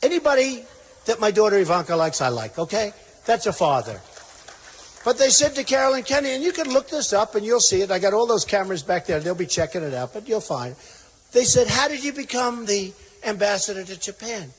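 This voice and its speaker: A man with a high-set voice delivers a rambling rally speech from a stage microphone. He circles back on himself, repeating phrases and playing out quoted exchanges as he goes. His voice rings through a long-echoing hall over faint background noise. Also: big pitch swings, fairly quick. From United States. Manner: rambling, repetitive storytelling with acted-out quotes. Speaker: political candidate at a rally. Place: large indoor rally venue.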